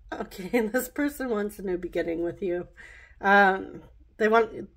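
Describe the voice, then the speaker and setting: A woman's voice: medium pitch, unhurried. A woman giving a casual pick-a-card tarot reading, chatty and rambling, often laughing at herself as she works through the cards.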